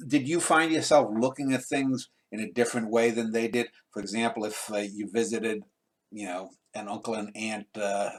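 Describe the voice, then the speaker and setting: A male host asking long, meandering interview questions on a video call, often pausing and restarting. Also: on the low side, steady tone.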